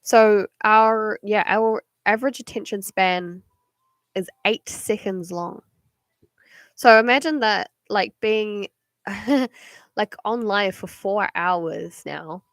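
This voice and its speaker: A woman's voice: mid-range voice, takes it slowly, a bit bright, dry recording. Chatty New Zealand woman, dry sound. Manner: rambling, chatty, many fillers. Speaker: card reader on a live stream. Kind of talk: casual live-stream chat.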